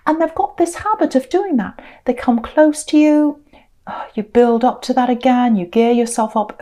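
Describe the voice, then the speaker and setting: Tarot reader, woman, higher-pitched but mellow, loose and chatty, repeats phrases. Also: moderate pace. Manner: chatty, searching, repeats herself. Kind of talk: casual spoken tarot reading.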